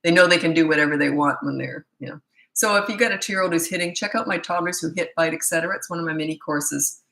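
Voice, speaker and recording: A woman's voice: low voice, fast talker, vocal fry, fairly bright tone, echoey room, rough recording. A middle-aged woman, a parenting coach answering viewer questions live, blunt and incredulous, often laughing and mocking the questions.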